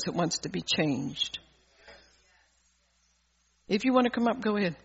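A man's voice: sits high, animated, measured pace, gravelly, a bit bright, breathy edge. A man preaching a fervent sermon at a church service, asking the congregation rhetorical questions. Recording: dull audio with long hall reverb.

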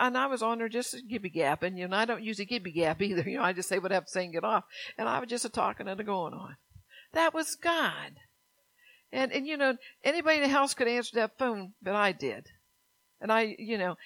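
A woman's voice: lowish voice, a bit bright, no echo. An older woman preaching a home-church sermon, rambling into chatty stories with laughs. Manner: rambling, conversational storytelling with laughs. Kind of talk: folksy sermon.

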